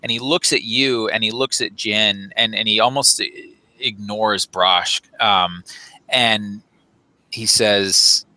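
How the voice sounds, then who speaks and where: A man running a tabletop role-playing game, describing scenes in a relaxed way with frequent fillers. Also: on the low side, takes it slowly. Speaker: game master.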